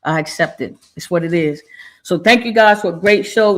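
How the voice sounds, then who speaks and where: A woman's voice: fairly low pitch, moderate pace, a bit bright. A woman hosting a community talk show, speaking from the heart with a preachy, emotional manner. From Maryland, USA. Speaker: show host. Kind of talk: casual talk show sign-off.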